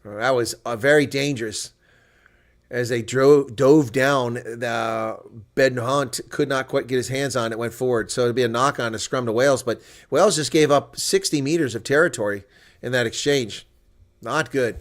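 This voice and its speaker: A man hosting live reaction commentary on a rugby match, calling the play and shifting from calm analysis to excited shouting on big moments. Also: medium pitch, normal speed.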